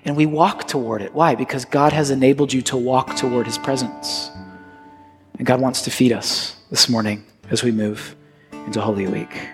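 A man leading his congregation as pastor, preaching and guiding communion in an earnest tone that moves between raised emphasis and hushed prayer. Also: mid-range voice, fairly even intonation, normal speed. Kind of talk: sermon and communion liturgy. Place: church sanctuary. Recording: long hall reverb with soft guitar.

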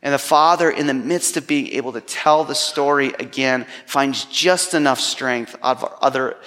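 A man's voice: mid-range voice, normal speed, fairly bright tone. Man preaching in a reverberant hall. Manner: storytelling with humor, then earnest and grave. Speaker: pastor. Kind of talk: sermon.

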